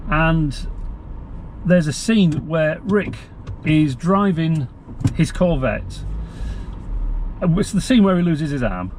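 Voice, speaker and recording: A man's voice: a little high, expressive, slow, long pauses. A British man delivering an exasperated, rambling rant as a vlogger while driving. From Britain. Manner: exasperated, complaining, loose rambling. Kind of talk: ranting monologue while driving. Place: inside a moving car. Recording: loud car engine and road noise. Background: loud car road noise.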